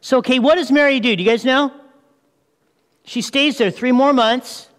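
A man preaching a lively sermon, asking his listeners questions and acting out the story as he goes. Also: very high voice, moderate pace. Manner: lively, asks the audience questions, acts out scenes. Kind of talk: animated sermon. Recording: long reverb of a large hall.

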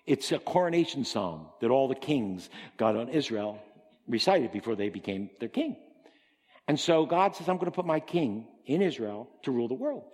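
A man preaching a sermon in an emphatic style, climbing to high, excited peaks and then dropping low. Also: in a large hall.

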